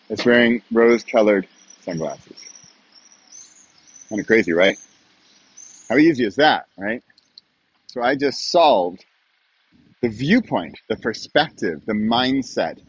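A man's voice: mid-range voice, husky, highs cut off. A middle-aged man hosting his own podcast in a casual solo monologue, chatty and often asking the listener questions. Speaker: podcast host.

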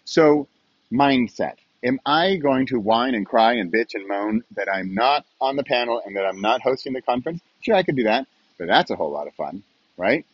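A man's voice: mid-range voice, lively intonation, normal speed, dry recording, highs cut off. A middle-aged man hosting his own podcast in a casual solo monologue, chatty and often asking the listener questions. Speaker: podcast host.

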